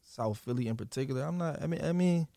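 A man from South Philadelphia, a podcast guest who is soft-spoken and hesitant. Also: medium pitch, fast talker, vocal fry, no echo, studio quality.

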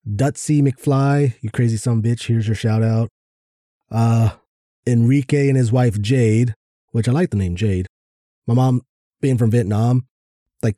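A man co-hosting a podcast in casual chat, laid-back and given to rambling asides while reading shout-outs. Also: mid-range voice, no room sound, studio quality. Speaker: podcast co-host.

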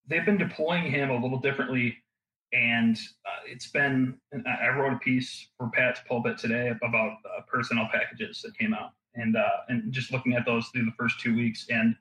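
A man talking as a guest analyst on a casual sports podcast, wry and quick to laugh. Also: mid-range voice, pushed and bright, reverberant, poor audio.

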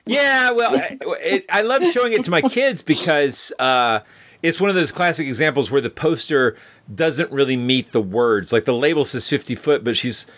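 A man's voice: fairly high pitch, animated, normal speed, a bit bright. A man hosting a casual podcast chat, sharing trivia in a chatty way.

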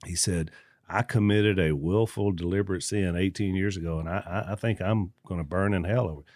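Low-voiced man telling a story. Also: brisk, no echo, clean studio sound. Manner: animated storyteller acting out quoted dialogue. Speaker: podcast co-host. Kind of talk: casual faith discussion.

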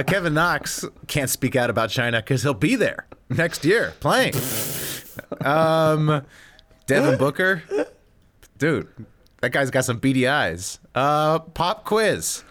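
A young man cracks sarcastic jokes about basketball in loose podcast banter, his pitch leaping all over as he talks. He sounds like a co-host riffing with friends. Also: slow. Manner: sarcastic, joking, animated. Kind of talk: casual sports banter.

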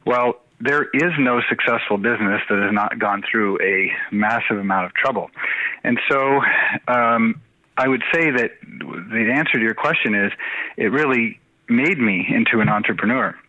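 Middle-aged Canadian CEO guest, chatty anecdotal delivery; dry, muffled podcast mic. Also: male voice, on the low side, normal speed, no echo. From New Brunswick, Canada. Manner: animated anecdotal, heavy "you know" fillers. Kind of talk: conversational storytelling.

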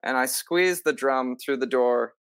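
A man, a stage actor, telling a story in a casual interview, lively and acting out what others said, with lots of filler "like"s. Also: mid-range voice, a little slow, smooth, no echo, studio quality. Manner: animated, acts out quoted lines; many filler likes. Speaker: musical theater actor, guest.

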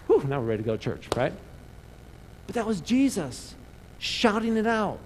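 A man preaching a sermon in church, animated, calling the congregation to answer back. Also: high voice, normal speed, a little hiss or hum, low-quality recording. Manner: animated preaching with call-and-response. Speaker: pastor. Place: church sanctuary.

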